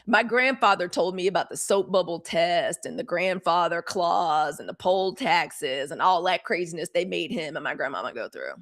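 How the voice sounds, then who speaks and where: A woman's voice: on the low side, normal speed, few pauses, fairly bright tone. A middle-aged woman from Mississippi with a Southern accent, hosting a live news commentary stream in a blunt, fired-up, profane manner, talking straight to viewers. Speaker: live news show host.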